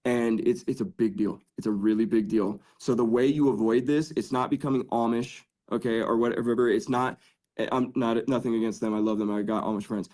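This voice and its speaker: As a podcast guest, a man shares his faith testimony earnestly yet casually, peppering it with "dude" and "like." His voice sits on the low side and is a little mellow.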